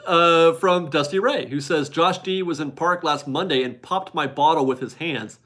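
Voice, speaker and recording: A man's voice: a little high, normal speed, fairly bright tone. A man in his forties hosting a casual live stream from his garage, chatty and upbeat as he reads viewer donations aloud and laughs often. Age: 40s. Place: home garage.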